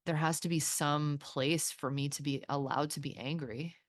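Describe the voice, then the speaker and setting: A woman hosting a podcast, talking candidly and swearing freely, with halting restarts. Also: deep voice, steady tone, dry recording, studio quality. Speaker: podcast host. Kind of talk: candid therapy-style conversation.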